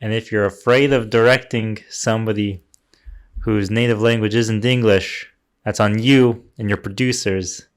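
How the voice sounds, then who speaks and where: A man's voice: on the low side, steady tone, moderate pace. A man co-hosting a casual movie podcast, ranting with strong opinions. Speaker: podcast co-host. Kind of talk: casual chat.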